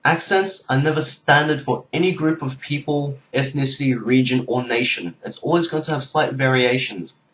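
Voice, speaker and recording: A man's voice: mid-range voice, normal speed, few pauses, a bit bright. A young Australian man explaining accents in a casual, earnest video talk. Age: young adult. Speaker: YouTuber and tutor. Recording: echoey room.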